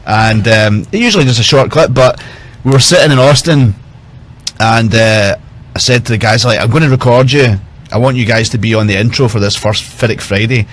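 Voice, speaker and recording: A man's voice: medium pitch, fairly quick. A man, a whisky brand ambassador, telling chatty, self-mocking stories in casual talk. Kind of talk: casual storytelling.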